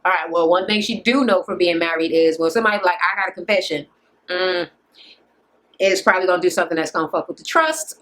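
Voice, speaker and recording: A woman's voice: lowish voice, quick pace, a bit bright. A woman vlogger giving a casual recap of a reality show, blunt and profane, sarcastic, often laughing at her own jokes. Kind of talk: casual ranting recap commentary.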